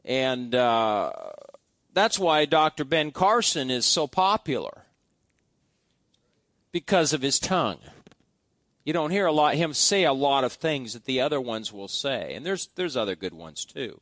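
A man's voice: medium pitch, expressive, measured pace, fairly bright tone, no room sound, studio quality. A man preaching a sermon in a church, talking in a conversational way and asking the congregation questions. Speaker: pastor.

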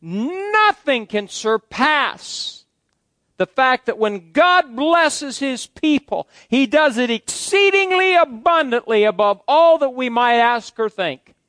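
Folksy, high-voiced male pastor preaching. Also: expressive, takes it slowly, a bit bright, dry recording. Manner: folksy, joking asides to the congregation. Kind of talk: sermon.

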